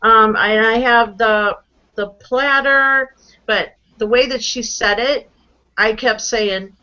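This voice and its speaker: A woman's voice: fairly high pitch, slow, pushed and bright, highs cut off. A woman guest telling stories in a casual call-in chat, laughing often. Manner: chatty storyteller, laughs often. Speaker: guest reseller.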